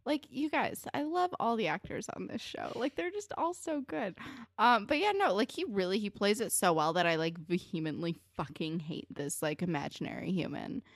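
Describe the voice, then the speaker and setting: A woman's voice: medium pitch, lively intonation, normal speed, no room sound, clean studio sound. A young woman in casual chat who vents about a TV character, full of fillers and emphatic swearing. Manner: filler-heavy, profane, emphatic venting. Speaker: podcast co-host.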